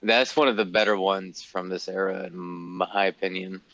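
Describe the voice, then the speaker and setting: A man with a lowish voice chats casually as a podcast co-host, offering his opinions in an easy, talkative way. His audio sounds a little dull and lo-fi, but dry, with no echo. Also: flat delivery, moderate pace, fairly bright tone. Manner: chatty, offers opinions and market prices. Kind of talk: casual chat about collectible cards.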